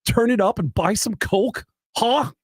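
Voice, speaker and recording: A man's voice: high-pitched, measured pace, husky, no echo, voice pushed up. A drawling, sniffling male rock drummer with a laid-back, mumbled delivery, as a man puts him on. The sound is dry and close. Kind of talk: radio impression bit.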